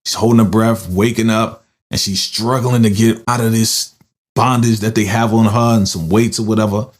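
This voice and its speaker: A man hosting a casual movie recap, telling the story in an animated way and tagging his sentences with quick "right?" checks to the listener. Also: fairly low pitch. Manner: animated storytelling, frequent "right?" tag questions.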